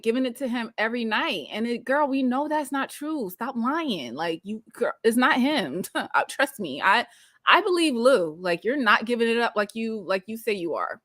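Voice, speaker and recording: A woman's voice: a little high, no room sound, studio quality. A woman in her thirties hosting a casual reality TV recap, chatting sassily and reading out viewer comments. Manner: animated, sassy, drops into mocking quoted voices.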